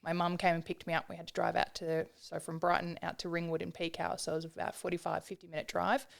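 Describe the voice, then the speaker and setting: A woman of about forty with an Australian accent, a podcast guest telling a personal story in an earnest, reflective way with frequent pauses and restarts. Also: lowish voice, completely flat delivery, vocal fry.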